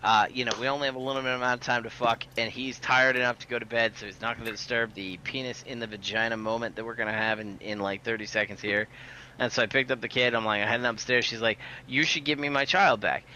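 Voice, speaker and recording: A man's voice: mid-range voice, flat delivery, fast talker, pushed and bright, dull audio, a little hiss or hum. Profane, rambling man on a podcast. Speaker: podcast co-host. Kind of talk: casual podcast chat.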